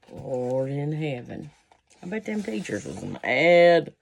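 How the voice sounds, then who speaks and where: A woman's voice: low voice, big pitch swings, takes it slowly, creaky. A woman reading a children's picture book aloud, breaking off for folksy asides to her listeners. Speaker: storybook reader.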